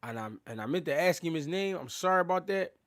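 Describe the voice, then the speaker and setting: A man hosting a casual boxing live stream, talking loose and unscripted in street slang. His voice sits a touch high for a man. He rambles, laughs often and keeps thanking his viewers. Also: expressive, quick pace, fairly bright tone. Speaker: boxing livestream host.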